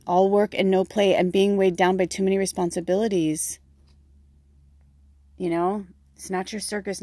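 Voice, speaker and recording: A woman in her thirties with a fairly low voice talks frankly as a spiritual medium, swearing freely and slipping into animated retellings of conversations. The sound is dry and close, with no room around her. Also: dry recording. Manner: frank, profane, animated storytelling. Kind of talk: casual spiritual reading.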